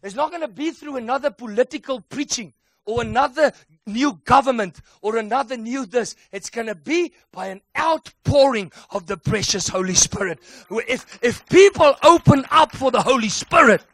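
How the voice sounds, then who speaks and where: A man preaching a sermon with emphatic call-and-response delivery that builds to excited shouts. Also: extremely high pitch, normal speed, no echo.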